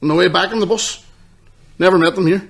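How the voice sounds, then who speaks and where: A man, co-hosting a podcast, swearing and telling stories excitedly. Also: high-pitched, quick pace, gravelly. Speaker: podcast co-host. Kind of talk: casual chat.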